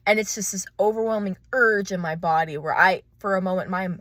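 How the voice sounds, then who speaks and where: A woman talking through her fears in a raw, profane confessional vlog, swinging between hushed and loud. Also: mid-range voice, a little fast, no room sound, studio quality. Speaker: vlogger.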